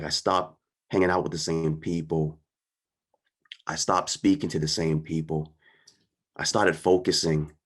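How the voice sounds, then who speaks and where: A man giving a personal storytelling talk in an earnest, conversational way, often checking in with the audience. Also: a bass voice. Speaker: guest speaker.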